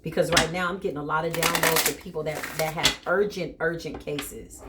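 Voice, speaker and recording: Low-voiced woman giving a blunt tarot reading. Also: a little fast, few pauses, heavy background noise. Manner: blunt, emphatic, talks straight to the viewer. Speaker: tarot reader. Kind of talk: spiritual tarot reading to viewers.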